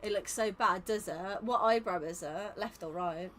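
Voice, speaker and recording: A woman's voice: medium pitch, moderate pace, a bit bright, a little hiss or hum. A young English woman hosting a live game stream, chatting casually with viewers, teasing them, laughing often and sounding tired. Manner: teasing, laughs often, reads chat aloud. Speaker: streamer running custom game lobbies.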